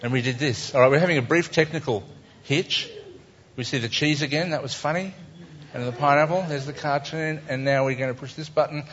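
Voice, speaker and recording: An Australian cartoonist walks a live audience through his cartoons, wry, chatty and self-mocking. His voice sits on the high side, fairly quick and a bit bright. The recording is dull and lo-fi.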